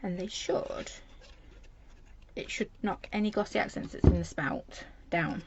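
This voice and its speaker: Chatty woman demonstrating crafts, gravelly voice. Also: medium pitch, a little slow. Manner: chatty, rambling, talks while working. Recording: dull lo-fi livestream audio with faint noise.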